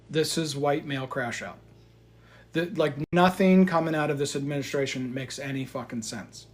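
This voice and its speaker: A man giving heated, profane market commentary, swinging between loud outbursts and quiet asides. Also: fairly high pitch, moderate pace. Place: indoors in front of a chart.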